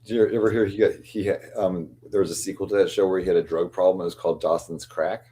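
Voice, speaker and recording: A man's voice: deep voice, fairly even intonation, fast, warm tone, slight background noise. A man hosting a stream, chatting casually in a rambling, apologetic way. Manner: rambling, apologetic, keeps saying sorry. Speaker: stream host. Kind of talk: casual chat.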